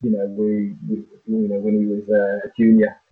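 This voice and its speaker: A middle-aged man with a lowish voice talks haltingly and reflectively, hunting for the right words. He comes through a tinny, phone-like remote line. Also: completely flat delivery. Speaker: podcast guest, flag football parent. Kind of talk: casual chat, reflective.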